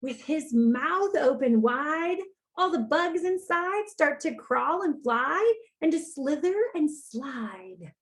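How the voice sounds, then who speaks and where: A woman's voice: sits high, lively intonation, slow pace. A woman librarian reading a picture book aloud to children, playful and full of exclamations. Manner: playful, exclaiming to young listeners. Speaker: school librarian.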